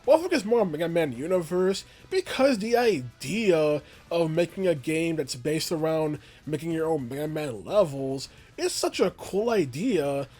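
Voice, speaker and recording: Rambling young man with a higher voice. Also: big pitch swings, normal speed, few pauses, darkish tone, soft background music. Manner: rambling and conversational, filler phrases. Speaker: video essay creator. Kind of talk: casual commentary video essay.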